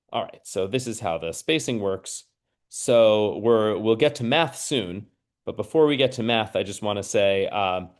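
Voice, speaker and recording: A man teaching a screen-share lesson, explaining each step patiently and checking in with listeners. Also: medium pitch. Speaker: mathematics teacher trainer.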